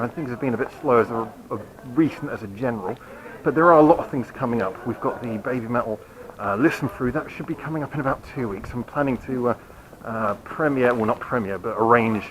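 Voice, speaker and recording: A man's voice: mid-range voice, fairly bright tone, low-quality recording. A man hosting his channel, giving a rambling, apologetic update while walking outdoors at night and filming on a handheld camera, hiccuping now and then. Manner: rambling, apologetic, self-mocking. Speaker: channel host. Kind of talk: casual walking vlog update. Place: quiet city street at night, outdoors.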